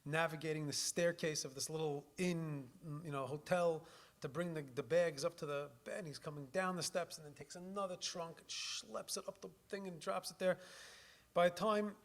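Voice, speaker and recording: Animated rabbi teaching Torah. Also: male voice, a little high, moderate pace. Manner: animated, chatty, sprinkled with Yiddish and Hebrew words. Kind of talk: Torah lecture with storytelling.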